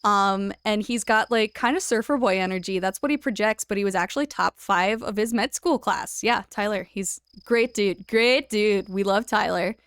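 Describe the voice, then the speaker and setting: A woman's voice: medium pitch, normal speed, few pauses, clear, resonant tone, dry recording. A young woman live-streaming a video game, chatting casually and giggling as she thanks her followers and reads game lines aloud. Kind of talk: casual live-stream chat over gameplay.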